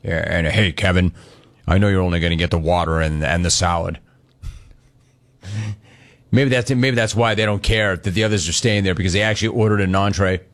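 Brash male talk radio host. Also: low voice. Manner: brash, mocking, fast-riffing. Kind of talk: casual chat, storytelling.

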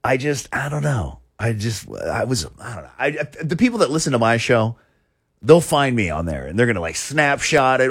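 Husky, lively-voiced male talk show host. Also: mid-range voice, brisk, dry recording, studio quality. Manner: rambling, with many restarts and chuckles. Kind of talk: casual talk show chat.

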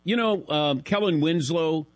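A middle-aged man hosting a sports talk show, telling a self-deprecating story in a casual, animated way into a studio mic. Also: a little high, unhurried, no room sound. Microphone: studio broadcast mic.

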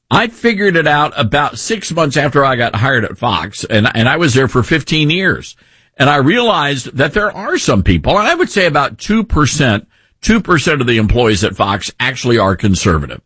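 A man hosting a talk radio show, telling stories in a conversational, animated way with frequent restarts. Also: mid-range voice, slightly rough, dry recording. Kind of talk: conservative talk radio monologue.

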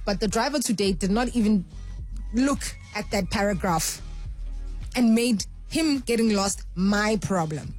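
Animated woman radio host. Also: on the high side. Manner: animated storyteller, acts out voices. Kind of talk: call-in radio chat. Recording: faint music bed behind.

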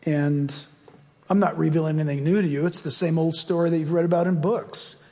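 A man's voice: on the high side, fairly even intonation, brisk, a little mellow, big-room sound. A man preaching a sermon as pastor, emphatic and full of rhetorical questions, ending in a fervent prayer.

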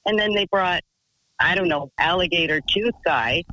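Calling in to a radio program, a woman from Canada spins a meandering story, chatty and relaxed, with swearing and ready laughter. She speaks at a normal speed in a lowish, sharp-toned voice with lively intonation, captured in a dry, rough recording.

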